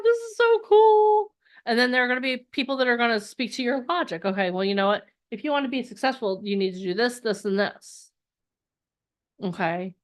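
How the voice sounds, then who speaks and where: A woman coaching an online workshop in a motivational talk, acting out little inner voices with big leaps in her voice. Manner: energetic, acts out inner voices with big pitch jumps. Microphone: online call.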